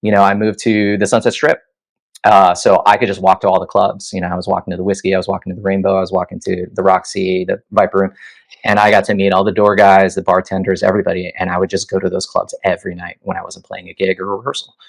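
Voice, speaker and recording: A man's voice: low voice, quick pace, gravelly, low-quality recording. A man in his thirties, a guest musician telling stories casually, full of fillers like "you know" and "like". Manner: animated anecdotes, many fillers like "you know" and "like". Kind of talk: casual interview storytelling.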